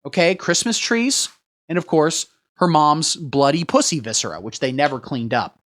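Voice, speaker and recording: A man hosting a satirical livestream, riffing crudely in a rambling, deadpan way while he reads the chat. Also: on the high side, moderate pace. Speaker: livestream host. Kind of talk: satirical livestream comedy rant.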